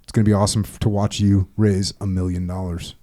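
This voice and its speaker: A middle-aged male podcast host with a dark, mellow voice. He talks bluntly and with energy in a relaxed conversation, and he laughs easily. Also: low-pitched, quick pace.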